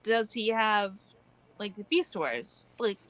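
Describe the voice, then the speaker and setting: A woman's voice: mid-range voice, animated, takes it slowly, a loud crowd. A woman co-hosting a casual livestream, cracking crude, teasing jokes. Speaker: livestream co-host. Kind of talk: casual group chat.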